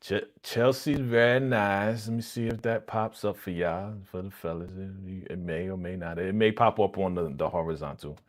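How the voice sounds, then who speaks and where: A man's voice: low voice, steady tone, normal speed, hardly any pauses. A man hosting a live reaction stream, chatting casually in slang and acting out characters' lines as he retells the episode. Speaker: livestream host reacting to a TV episode.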